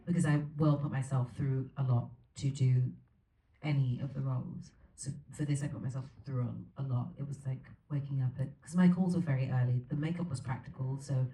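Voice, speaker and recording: A woman's voice: extremely low pitch, steady tone, a little fast, dark tone. A woman as the featured guest at an onstage Q&A, answering in an earnest, reflective way and laughing easily. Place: theater stage before an audience. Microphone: recorded from the audience, far from the stage. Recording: echoey theater from far off, faint noise.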